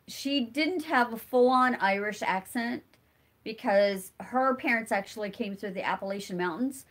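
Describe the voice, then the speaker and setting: A middle-aged woman with a stuffy nose hosts a casual live stream, chatting and answering viewer comments as they come in. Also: on the high side. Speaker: homesteading channel host.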